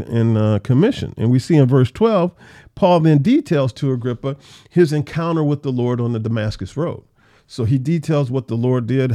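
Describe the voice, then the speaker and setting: A man's voice: medium pitch, warm tone. A man teaching a casual Bible study, reading verses aloud and explaining them conversationally, with frequent restarts.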